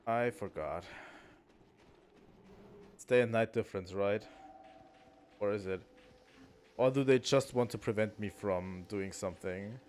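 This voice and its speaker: Low-voiced man musing through a game. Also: measured pace, pauses often, darkish tone. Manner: musing aloud to himself, with frequent ums and restarts. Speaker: gaming streamer. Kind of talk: casual let's-play commentary.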